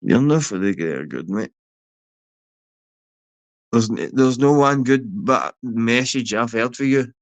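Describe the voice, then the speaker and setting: A man's voice: mid-range voice, expressive, unhurried, pauses often, no echo. A man from Glasgow with a Glaswegian accent, ranting aggressively at a rival on a livestream, taunting and swearing. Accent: Scottish, Glaswegian. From Scotland. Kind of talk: confrontational livestream rant.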